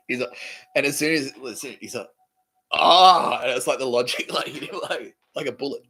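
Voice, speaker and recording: A man's voice: mid-range voice, lively intonation, brisk, sharp tone, low-quality recording. A man hosting a podcast, rambling through a comedic monologue, laughing often, swearing and acting out quoted exchanges. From Australia. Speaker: podcast host.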